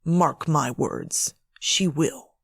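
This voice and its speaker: A woman voicing a weary husband who pleads in a low, hushed voice to protect a frightened little girl. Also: very animated, unhurried, gravelly, breathy edge, no echo, studio quality, heavily acted. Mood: hushed, pleading.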